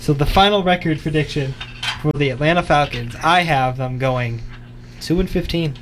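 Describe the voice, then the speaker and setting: Young guy on college radio talking football picks, a bit high voice, faint hiss behind. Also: normal speed. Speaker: radio show co-host. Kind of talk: casual sports radio chat.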